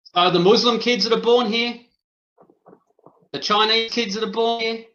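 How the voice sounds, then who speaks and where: A man in a heated panel debate, talking forcefully, cutting others off and repeating himself for emphasis. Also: extremely high pitch, fairly even intonation, moderate pace. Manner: forceful, interrupting, emphatic repetition. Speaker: podcast guest debater. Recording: roomy, dull lo-fi sound.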